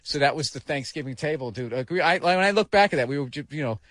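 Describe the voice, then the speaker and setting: Profane storytelling man, bright dry voice. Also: fairly high pitch, quick pace, no echo. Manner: profane storyteller, animated bursts of shouting impressions. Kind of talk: casual radio talk show chat.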